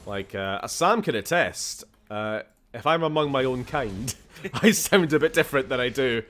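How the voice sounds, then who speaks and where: The speaker, a man with a Scottish accent, offers casual commentary as he streams a game. He is chatty and swears, laughs often and shifts tone a lot, with a mid-range, fairly bright voice, lively intonation and a moderate pace.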